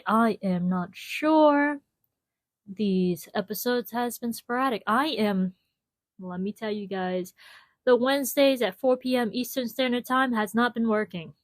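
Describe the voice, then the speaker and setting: Slow-talking woman podcast host. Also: a little high, no echo. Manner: chatty, laughs often, addresses listeners as y'all. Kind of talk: casual solo podcast chat. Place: at home. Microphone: small clip-on mic.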